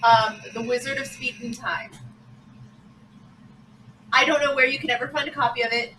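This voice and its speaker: A woman's voice: a little high, steady tone, moderate pace, pushed and bright, slight background noise. A woman playing in a tabletop game, chatty and enthusiastic, asking lots of questions. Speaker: player. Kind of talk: casual tabletop game chat. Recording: echoey room, mic at a distance.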